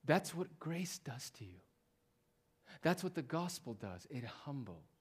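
A male preacher delivering a sermon, drawing out quiet phrases slowly and then rising to loud, emphatic declarations. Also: medium pitch, big pitch swings, husky. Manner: swings between hushed, drawn-out phrases and loud emphatic declarations.

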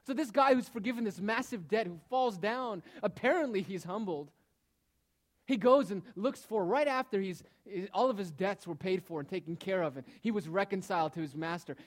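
Male preacher, sermon, emphatic, rhetorical questions, soft trailing endings, somewhat high voice.

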